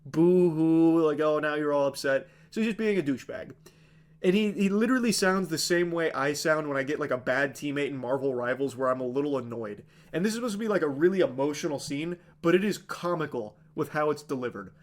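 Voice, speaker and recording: A man's voice: a little high, quick pace. A man live-streaming a casual, sarcastic movie recap, rambling with lots of "like" and swearing freely. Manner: rambling with many fillers like "like".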